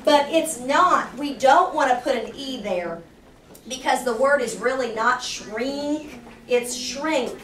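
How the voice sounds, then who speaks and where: A woman teaching a third grade spelling lesson, asking the class question after question and slowing down to explain each rule. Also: high-pitched, fairly bright tone. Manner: patient, questioning, slows down to explain. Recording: roomy, distant, noisy classroom recording.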